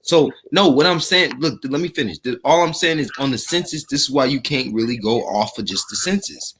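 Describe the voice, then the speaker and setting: Male caller, mid pitch, defensive, casual swearing, with faint hiss and clicks on the line. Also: lively intonation, brisk, a bit bright. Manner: defensive, swears casually, says "bro" a lot. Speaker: caller challenging the host. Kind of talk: heated debate.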